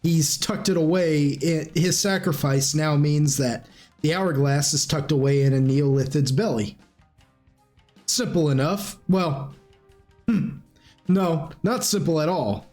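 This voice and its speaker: Slightly high-voiced male game master. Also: a little slow, faint music behind. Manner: lively storytelling with casual fillers. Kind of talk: narrating a tabletop game.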